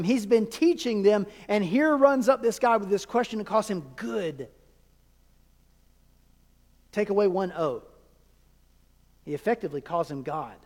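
A man with a high voice preaches a sermon, leaning on rhetorical questions and pausing for effect. His words ring out with a long hall reverb. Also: darkish tone. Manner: emphatic preaching with rhetorical questions and dramatic pauses. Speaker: pastor.

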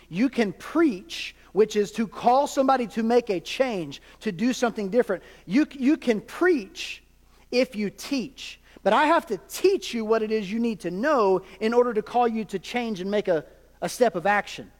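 A man's voice: sits high, expressive, normal speed. A man preaching a sermon as a pastor, conversational with jokes and asides to the congregation. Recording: long hall reverb.

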